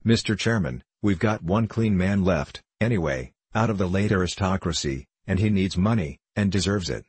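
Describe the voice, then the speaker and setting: A man's voice: low voice, lively intonation, normal speed, hardly any pauses, a little mellow, husky, no room sound. A man voicing an earnest, plain-spoken male saddler addressing a town meeting in an audiobook reading.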